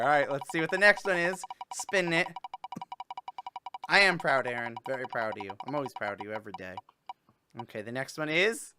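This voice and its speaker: A man's voice: mid-range voice, expressive, moderate pace, bright, forceful tone, a little hiss or hum. A young man hosting a casual livestream chat, rambling and joking with his viewers. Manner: chatty, rambling, jokey with playful fake sobbing. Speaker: host.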